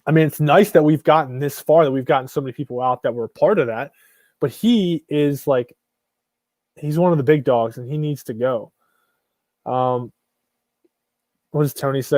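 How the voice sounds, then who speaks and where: A man's voice: fairly high pitch, normal speed, long pauses, a little mellow, no room sound, clean studio sound. A man hosting a casual live stream, talking bluntly and rambling with frequent restarts and some swearing.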